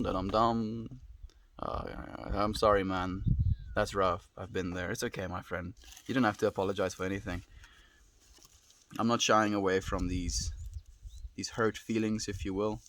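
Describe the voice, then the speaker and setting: South African man, casual live stream, calm and reflective, greets viewers by name, faint outdoor noise behind. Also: on the low side. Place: outdoors on a rural farm.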